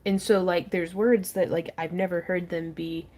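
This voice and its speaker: A woman's voice: lowish voice, steady tone, normal speed, darkish tone. A chatty woman hosts a casual craft livestream from her front porch, talking as she works. She greets viewers by reading their comments aloud and laughs often. Her voice sits close on the mic. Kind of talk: casual chat while crafting.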